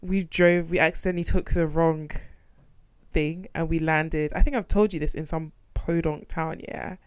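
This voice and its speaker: Woman co-host, Nigerian immigrant family. Blunt, animated chat, a little low in pitch, dry close mic. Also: normal speed, clean tone, dry recording. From second-generation Nigerian immigrant family. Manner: animated, blunt, swears freely, bursts of laughter. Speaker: podcast co-host. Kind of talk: casual chat reviewing a documentary.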